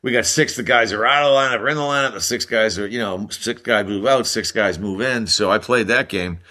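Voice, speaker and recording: A man's voice: on the low side, fairly quick. An older man, a former hockey player, telling stories casually as a podcast guest and putting on other people's voices. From United States. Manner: animated anecdote-telling with mimicked voices and laughs. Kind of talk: casual storytelling.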